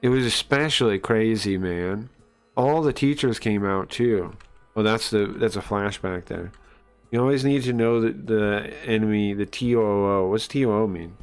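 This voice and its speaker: A man's voice: fairly low pitch, normal speed, clean tone, faint music behind. A man casually reading a comic aloud on a live stream, explaining it in a rambling way with many fillers.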